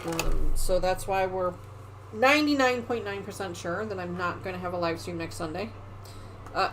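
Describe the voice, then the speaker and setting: A woman's voice: medium pitch, a little hiss or hum, poor audio. Chatty middle-aged woman hosting a sewing stream. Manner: chatty and rambling, trails off into quiet muttering while working. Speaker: sewing livestream host. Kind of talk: casual chat while quilting.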